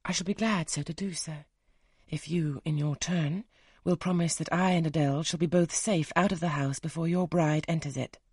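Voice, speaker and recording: Audiobook voice: a man reading a quietly firm young governess with a soft, measured manner. The tone is husky and sits in the middle range. The recording is dry and close. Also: a little high, fairly even intonation, dry recording, pitched above the performer's own voice. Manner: polite, measured, soft-spoken.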